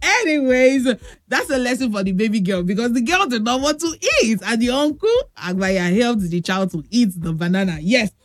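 A woman's voice: a little high, animated, moderate pace. A woman with a Nigerian accent hosting a call-in radio show, telling stories and chatting fondly with callers. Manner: affectionate, storytelling with sung bits.

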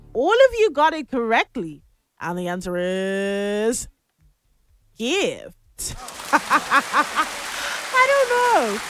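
A woman's voice: sits high, fairly bright tone. A woman hosting a morning radio call-in show, chatting playfully with callers and laughing often. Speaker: radio host.

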